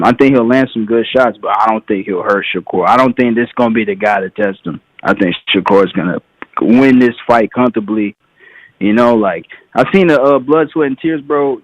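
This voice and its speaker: Male caller, deeper voice, relaxed slangy breakdown, dry. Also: no room sound, low-quality recording. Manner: laid-back slangy, filler-heavy. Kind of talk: call-in boxing analysis.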